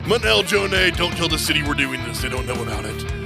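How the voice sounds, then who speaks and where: Brief: a man as a shouting radio-ad promoter, high and booming, music bed behind. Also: expressive, creaky. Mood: hyped. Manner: booming, hyped, drawn-out delivery. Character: shouting male festival promoter in an ad.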